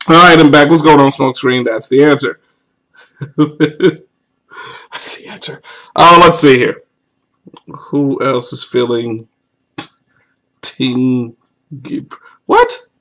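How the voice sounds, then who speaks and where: A young American man casually answering viewer questions on a live stream, joking, laughing often and jumping to high exclamations. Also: fairly bright tone, rough recording.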